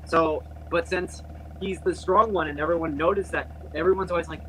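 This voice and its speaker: A young man with a slightly high voice talks casually on a group call, rambling and restarting his sentences. Faint hiss runs under his voice. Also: steady tone, a little fast, a bit bright, poor audio. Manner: rambling, many fillers and restarts. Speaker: channel host.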